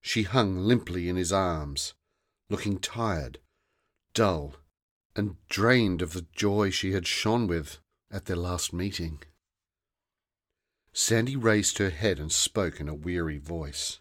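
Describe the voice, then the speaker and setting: A man narrating a children's fantasy story in a slow, deliberate storytelling manner. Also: low-pitched.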